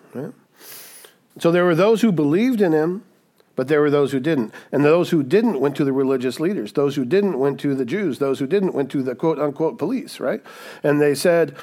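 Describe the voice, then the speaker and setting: A man delivers a sermon in a relaxed, conversational style with a slightly raised pitch. He drives his points home with emphasis and often checks in with his listeners. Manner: conversational, emphatic, with frequent "right?" asides. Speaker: pastor.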